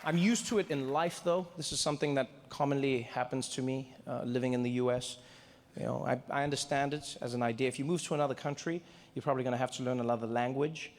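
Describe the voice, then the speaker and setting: A young man telling a stand-up story, acting out conversations in lively shifting voices. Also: mid-range voice, fast talker, in a large hall. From South Africa. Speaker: stand-up comedian.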